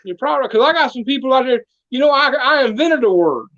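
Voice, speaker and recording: A man's voice: very high voice, expressive, fast, fairly bright tone, dull audio. A man telling a comedic folksy story as a guest, drawling and full of country sayings.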